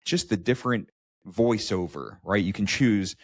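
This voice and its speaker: A man's voice: lowish voice, expressive, normal speed, no echo, studio quality. A man co-hosting a podcast, telling a personal story in casual chat with many restarts and stammers. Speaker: podcast co-host.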